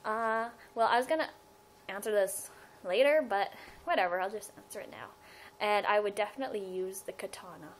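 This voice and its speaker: A woman's voice: medium pitch, a little fast, a little hiss or hum, rough recording. Young woman, casual webcam vlogger, rambling and giggly, restarts a lot. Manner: rambling, giggly, self-interrupting. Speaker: fan vlogger. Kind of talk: casual fan vlog Q&A.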